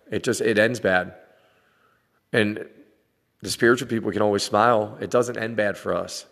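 Gravelly man in his forties ranting. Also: lowish voice, fairly bright tone, big-room sound. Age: 40s. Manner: blunt, swearing, laughing between lines. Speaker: vlogger dad. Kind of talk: casual rant to camera.

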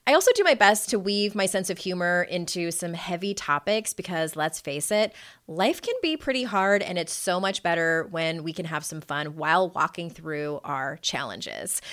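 A woman's voice: mid-range voice, normal speed, a bit bright. A woman reading a scripted, upbeat promo for her own self-help podcast.

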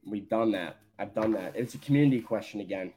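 A man's voice: on the low side, fairly quick, mellow. A man co-hosting a casual morning sports show, talking in an easygoing, plain way with some hesitations. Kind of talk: casual sports radio chat.

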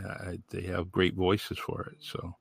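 Low gravelly guy hosting a podcast, laid back, rambly, lots of ums, dry close sound. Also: completely flat delivery, unhurried, dry recording. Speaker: podcast host. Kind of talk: casual interview chat.

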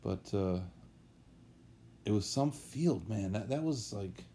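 A man's voice: fairly low pitch, lively intonation, slow pace, warm tone, slight background noise. A man chatting casually on a podcast as a guest, telling rambling, anecdotal stories about horse racing.

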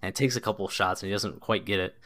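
A man's voice: low-pitched, fairly even intonation, very fast, fairly bright tone. A man narrating as game master of a tabletop game, in a loose, descriptive way with lots of casual filler words.

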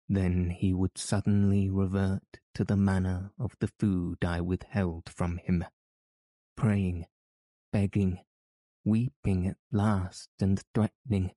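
A man narrating an audiobook in a measured, even storytelling manner. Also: low voice, no echo. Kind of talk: scripted narration.

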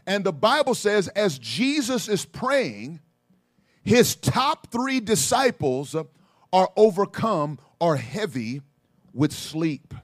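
A male pastor delivers a sermon in a strikingly high voice. The sound is dry and close, with no room around it. He drops to low murmurs and rises to loud calls, with plenty of ums between thoughts. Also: big pitch swings, slow, no echo.

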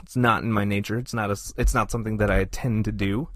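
Animated man telling a story. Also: on the low side, fast talker, no echo, clean studio sound. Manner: animated, self-deprecating anecdote telling. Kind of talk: casual storytelling.

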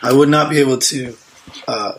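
A man's voice: mid-range voice, slight background noise. A man in his thirties co-hosting a podcast, joking and rambling through casual chat. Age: 30s. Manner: joking, rambling, fast-talking. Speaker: podcast co-host.

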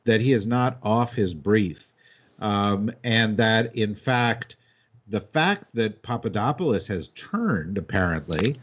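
Husky low-voiced male host. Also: lively intonation, slow pace. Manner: filler-heavy, steering the talk. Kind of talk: political panel discussion. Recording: dull lo-fi audio.

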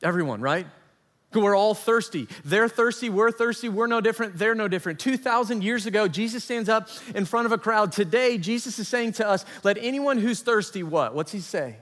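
A man's voice: high voice, expressive, fairly quick, fairly bright tone, long reverb tail. A man preaching a sermon, earnest, building emphasis with repeated phrases. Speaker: pastor.

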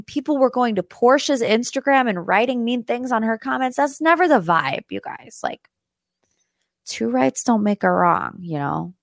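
A woman's voice: mid-range voice, expressive, unhurried, no room sound, clean studio sound. A young woman hosting a podcast, talking casually and chattily about pop culture news with plenty of asides. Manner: chatty and gossipy, with lots of asides and fillers. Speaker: podcast host.

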